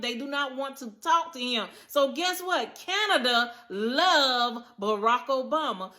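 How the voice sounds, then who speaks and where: A woman's voice: high voice, bright, forceful tone. A woman giving casual political commentary straight to her viewers, emphatic and chatty, calling on them again and again. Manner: emphatic, talks straight to viewers, repeats "listen" and "y'all". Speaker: commentary vlogger.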